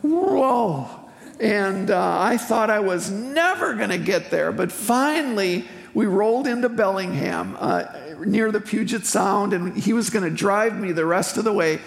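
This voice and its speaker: An older speaker from eastern Wisconsin giving a personal testimony sermon in a church sanctuary, telling the story in a heartfelt, unhurried way with emotional swells. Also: mid-range voice, expressive, vocal fry. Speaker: guest speaker at a church service. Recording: echoey hall with faint music.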